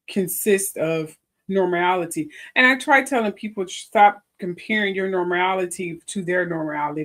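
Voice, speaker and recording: A woman hosting a casual gossip livestream, rambling and chatting to viewers in the comments. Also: lowish voice. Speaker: gossip show host.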